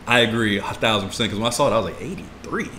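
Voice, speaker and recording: A man co-hosting a podcast in casual chat, animated and profane, laughing often. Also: fairly low pitch, racing, a little hiss or hum. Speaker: podcast co-host.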